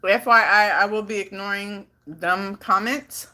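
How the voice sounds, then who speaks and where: A livestreaming vlogger from the Bay Area in California talks a little slowly in a medium-pitched, pushed, bright voice with fairly even intonation. Slight background noise is audible as she chats playfully and reads out viewer comments.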